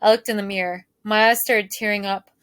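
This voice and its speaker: Teacher lady reading a book out loud, steady clear voice, no echo. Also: mid-range voice, fairly quick. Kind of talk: reading a novel aloud.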